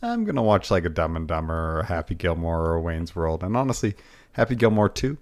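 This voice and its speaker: A man's voice: deep voice, fairly even intonation, fast. A man co-hosting a podcast in casual chat, easygoing and agreeable. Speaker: podcast co-host.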